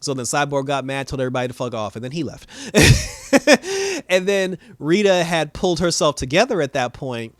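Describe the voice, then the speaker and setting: A man's voice: fairly high pitch, big pitch swings, normal speed, dry recording, studio quality. A man giving a casual, rambling recap and review of a TV episode, slangy and laughing often.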